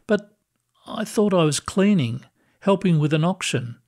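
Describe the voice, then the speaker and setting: A man voicing a gentle older woman, a retired cleaner, who speaks softly and sounds bewildered. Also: high-pitched, expressive, a little slow, pitched above the performer's own voice. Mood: wondering. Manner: soft, wondering, bewildered.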